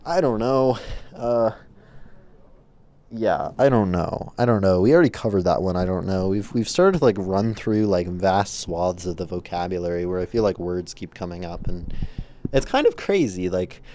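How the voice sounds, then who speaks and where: A man's voice: low-pitched, moderate pace. Free-associating man reciting spoken word. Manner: free-associating, musing, soft and intimate, then suddenly loud; laughs at himself and chats to viewers between lines. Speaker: livestream host. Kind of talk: improvised spoken word poetry.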